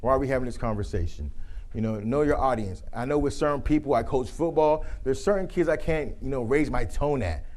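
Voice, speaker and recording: A man presenting a leadership workshop to a room of listeners. His voice sits at an ordinary middle pitch, and he tells his points through animated stories, acting out the voices of the people he quotes. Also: a little fast. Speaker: youth football coach. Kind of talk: live leadership talk to a group.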